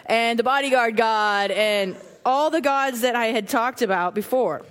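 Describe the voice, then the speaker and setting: A woman preaching a sermon in a casual, animated way, often repeating phrases for emphasis. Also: on the high side, measured pace, clean tone. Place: church.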